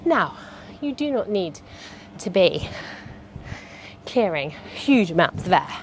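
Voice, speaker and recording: A woman's voice: on the low side, very animated, slow, a little hiss or hum. A woman, a fitness instructor chatting and cueing movements through a workout.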